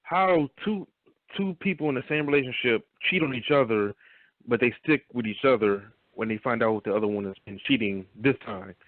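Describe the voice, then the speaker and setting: A man's voice: medium pitch, moderate pace, dry recording. A man on a radio talk show, asking questions in an incredulous way. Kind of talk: casual frank chat. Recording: dry phone-like sound.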